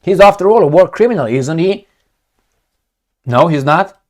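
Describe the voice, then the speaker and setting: A man's voice: on the high side, lively intonation, normal speed. Guy ranting about politics on his channel, sarcastic, voice swings up and down a lot. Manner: emphatic, sarcastic, rhetorical questions. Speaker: political commentary host. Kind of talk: opinionated solo commentary.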